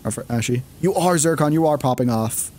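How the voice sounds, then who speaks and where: A man's voice: fairly high pitch, brisk, darkish tone. A man streaming a game, chatting casually and rambling with plenty of fillers. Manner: rambling, lots of fillers and laughs. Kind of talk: casual chat.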